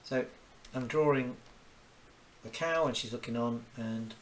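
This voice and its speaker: A man's voice: medium pitch, unhurried, a little hiss or hum. A man with a Kent accent chatting casually while drawing a cartoon live, rambling and muttering little exclamations to himself. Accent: Kent English. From Kent, England. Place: home, cooking dinner while drawing.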